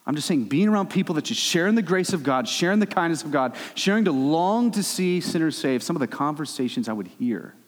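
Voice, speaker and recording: A young adult male pastor preaching a sermon, with animated swings between loud, high bursts and low, quiet stretches. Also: fairly quick, few pauses. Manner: animated preaching, rising and dropping sharply. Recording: long hall reverb.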